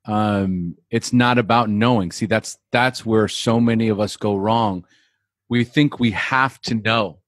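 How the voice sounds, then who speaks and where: Unhurried low-voiced man, podcast interviewer, reassuring and reflective. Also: no room sound, clean studio sound. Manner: calm, measured, reassuring. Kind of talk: reflective conversation.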